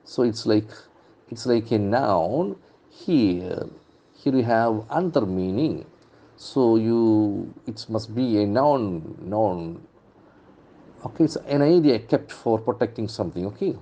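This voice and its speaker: A middle-aged man leads an English lesson, going through newspaper words and repeating each one to show where the stress falls. His voice sits low and sounds dark and mellow. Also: expressive, slow, muffled recording. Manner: drills pronunciation by repeating words with stressed syllables. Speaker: English trainer.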